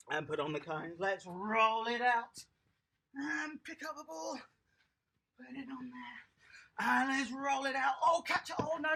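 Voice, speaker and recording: Outdoors in a garden, a children's tennis coach with a high, slightly breathy voice gives a lively, encouraging home lesson, praising the young players.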